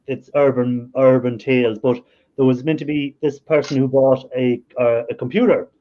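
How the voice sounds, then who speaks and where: A man's voice: medium pitch, steady tone, normal speed, lo-fi sound. An Irish man hosting a live stream, telling stories in a chatty way and laughing often. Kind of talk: casual storytelling chat.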